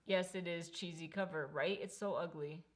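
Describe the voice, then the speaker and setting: A woman's voice: fairly low pitch, steady tone, moderate pace. A woman co-hosting a casual book livestream from home, teasing and laughing as she chats. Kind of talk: casual chat.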